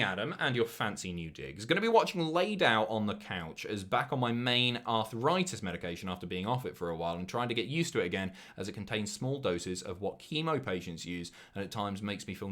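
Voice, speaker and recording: A man's voice: on the low side, sharp tone. A young man with a Southern English accent, chatting casually and swearing freely as he reads out donation messages on a live stream. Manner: sweary, jokey, quick asides.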